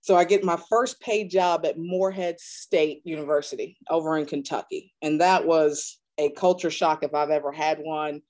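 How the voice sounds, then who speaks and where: A woman's voice: moderate pace, few pauses. A woman in her thirties from North Carolina, a strength and conditioning coach, casually telling stories in an interview and acting out the people she quotes. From North Carolina, USA. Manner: animated, acts out quoted dialogue with big pitch jumps.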